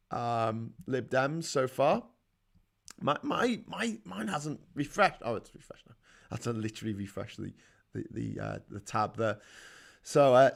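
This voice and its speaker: A middle-aged man with a Liverpool accent runs a live call-in stream, answering viewer comments in blunt, sweary rants that build in heat. His voice has a gravelly edge and sits at an ordinary pitch. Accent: Scouse. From Liverpool, England. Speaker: host of a live call-in chat show.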